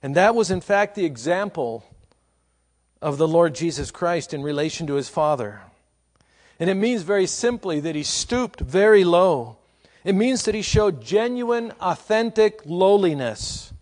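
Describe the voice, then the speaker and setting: A man preaching a sermon, asking rhetorical questions and building to slow, emphatic repetitions. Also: high-pitched, lively intonation, darkish tone. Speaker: pastor.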